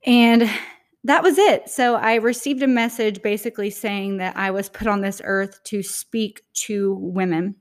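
A woman's voice: medium pitch, steady tone, normal speed, few pauses. A woman hosting a spiritual podcast monologue, talking in an earnest, heartfelt and reflective way. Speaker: podcast host.

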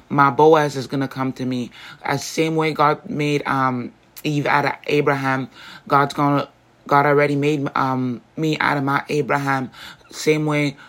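A woman's voice: very deep voice, fairly bright tone. A woman hosting a faith podcast, talking in an earnest, rambling way and often correcting herself mid-sentence. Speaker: podcast host.

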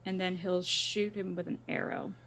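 A woman with a fairly low voice plays a tabletop game. She casually narrates what her character does and says. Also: level tone, normal speed, vocal fry, a bit bright, slight background noise, low-quality recording. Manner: describes her character's moves. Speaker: player. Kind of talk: casual chat.

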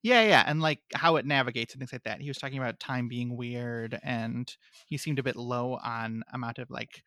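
A man at a tabletop game session, weighing options aloud in a thoughtful, questioning way. His voice is mid-pitched and recorded close and dry, with no room sound. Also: normal speed, sharp tone, no room sound. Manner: thoughtful, analytical, asks questions. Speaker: player.

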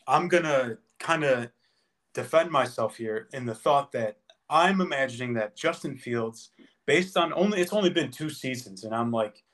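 A man's voice: mid-range voice, fairly bright tone. Podcast co-host, male, fired-up debater, mid-range voice, casual talk. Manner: passionate, emphatic arguer.

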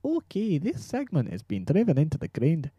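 A man's voice: fairly high pitch, huge pitch swings, normal speed, warm tone, breathy edge, dry recording, full character voice. A man voicing a bumbling male news reporter in the field, rambling in a mock-newsreader way for an improvised comedy sketch. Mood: mock-serious.

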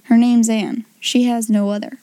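Woman reading cheerful baker woman, homely dialect, mellow, dry. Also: on the high side, little pitch movement, moderate pace, dry recording, lightly acted. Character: cheerful good-natured working-class baker woman.

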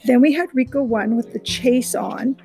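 Female storybook reader with a gravelly edge, brisk read-aloud delivery. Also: a little high, dark tone, faint music behind. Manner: recaps chapters casually, then reads briskly. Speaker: reader of a children's novel. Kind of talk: reading a book aloud.

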